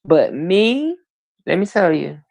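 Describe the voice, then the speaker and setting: Casting note: a woman co-host, low voice, very slow and deliberate, dry close sound. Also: very animated, vocal fry, a little mellow, dry recording. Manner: unfiltered, outspoken, slow and deliberate. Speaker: livestream co-host. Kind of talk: casual live chat.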